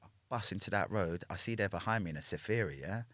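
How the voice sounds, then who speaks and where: A man's voice: deep voice, fast talker, a bit bright, no echo. A man with a London accent, telling a story as a podcast guest in casual, profane chat, checking in with "yeah?" after each point. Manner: swears freely, ends lines with a questioning "yeah?".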